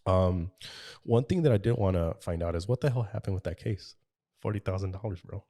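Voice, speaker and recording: A man's voice: low voice, fairly quick, mellow. A man hosting a casual podcast, thanking his guest in an encouraging way. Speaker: podcast host.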